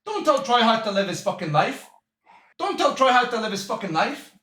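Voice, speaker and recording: Brash high-voiced man trash-talking. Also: sing-song, brisk, sharp tone, reverberant. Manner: brash, mocking, repetitive taunts. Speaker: streamer. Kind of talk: trash-talk banter on a live stream.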